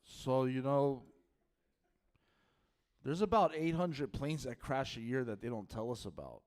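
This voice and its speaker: A man doing stand-up on a club stage, delivering absurd claims in a low-key, deadpan way. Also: measured pace. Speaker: stand-up comedian. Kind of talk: stand-up comedy set.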